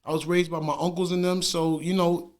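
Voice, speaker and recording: Casual male podcast guest with a high voice, lively and quick to laugh. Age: adult with wife and two sons. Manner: animated, laughing storyteller with slang fillers. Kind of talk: casual interview chat.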